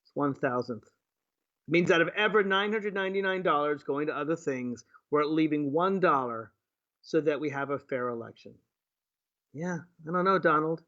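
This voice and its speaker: A man's voice: a little high, moderate pace, fairly bright tone. A man, a state delegate, giving mocking commentary on clips he plays, full of rhetorical questions. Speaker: state delegate hosting a livestream. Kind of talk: sarcastic commentary on played clips. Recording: dull lo-fi stream audio.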